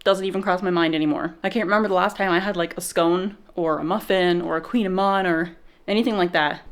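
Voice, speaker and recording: A woman's voice: on the low side, fairly even intonation, quick pace, clear, resonant tone. Young female vlogger, chatty and rambling, slightly winded. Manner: chatty, rambling, laughs easily. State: out of breath after exercise. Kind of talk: chatty vlog talk.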